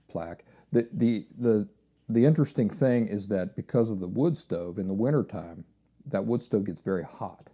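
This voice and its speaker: A man with a low, mellow voice hosts a solo podcast. He rambles casually, often repeating phrases and restarting his sentences.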